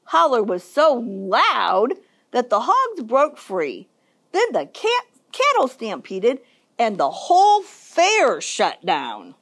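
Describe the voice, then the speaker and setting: Librarian lady reading a kids story, slow, voice bouncing all over the place. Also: a little high. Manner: expressive, sing-song storytelling. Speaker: children's librarian. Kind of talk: reading a picture book aloud.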